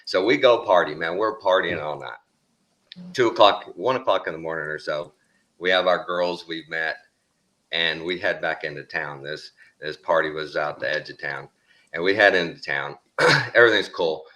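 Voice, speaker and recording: A middle-aged Texan man spins a casual story with a drawl, cussing freely as he goes. His voice sits very low but comes across bright and forceful. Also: normal speed. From Texas.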